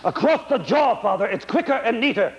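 A man doing an eager high-voiced young son. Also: sing-song, a little fast, reverberant. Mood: brisk. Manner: eager, urgent, high-pitched. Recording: dull lo-fi 1980s stage recording.

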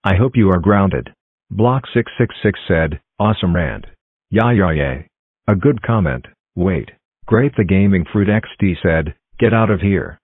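A stern cartoon parent voiced by a robotic male text-to-speech voice scolds in a very deep monotone. The delivery is dry and mechanical, and the recording sounds dull and lo-fi. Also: husky, dry recording, full character voice. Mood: scolding. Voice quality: flat synthetic text-to-speech voice. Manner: monotone scolding, drawn-out repetitions. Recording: dull lo-fi computer voice.

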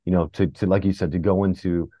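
A man's voice: sits low, steady tone, fast talker, warm tone, no room sound. A man co-hosting a podcast, asking long, hedging questions with many restarts. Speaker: podcast co-host. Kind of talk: casual interview questions. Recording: dry, dull lo-fi mic.

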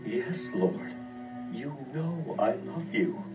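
Jesus figure for a Bible video played by an actor, solemn, slow, lively pitch, distant mic, loud music behind. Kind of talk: dramatized Bible scene.

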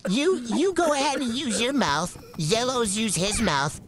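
A woman hosting a reaction video, talking along to animations in excited, exclaiming commentary. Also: fairly high pitch, a little slow, hardly any pauses, a little hiss or hum. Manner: excitable, exclaims and laughs often.

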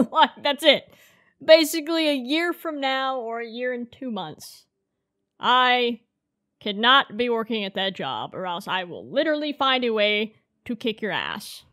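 A young woman in her early twenties speaks to her future self in a casual home vlog, her voice sitting a little high. She rambles through her thoughts, laughing often and saying "like" a lot. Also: bright, forceful tone. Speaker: streamer and content creator.

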